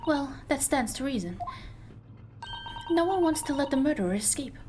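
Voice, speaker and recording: A woman's voice: high voice, animated, normal speed, background noise, voice pushed up. A woman voicing a polite, earnest young female assistant, speaking formally and precisely in a game let's play. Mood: stern. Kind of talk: reading game dialogue aloud.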